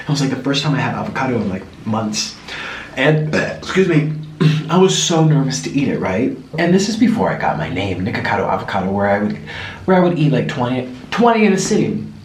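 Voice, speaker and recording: A man with a mid-range voice chats briskly in a casual mukbang vlog, telling animated stories with food in his mouth. The room is echoey, the mic sits somewhat far away, and there's a slight hiss or hum.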